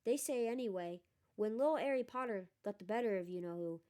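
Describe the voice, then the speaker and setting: A woman's voice: medium pitch, a little fast, natural voice. A woman doing a gossipy young bus conductor. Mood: excited. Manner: excitable, gossipy, dropped aitches. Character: chatty young Cockney bus conductor man.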